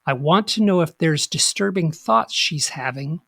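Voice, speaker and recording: A podcast co-host talking calmly and reading a listener's letter aloud. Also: mid-range voice, moderate pace, creaky, husky, no room sound, clean studio sound.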